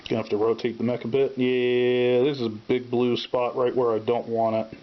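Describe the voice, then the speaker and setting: A man hosting a casual miniature painting tutorial, talking in a relaxed way while he works and sometimes trailing off mid-thought. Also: mid-range voice, moderate pace. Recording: dull lo-fi sound with faint hiss.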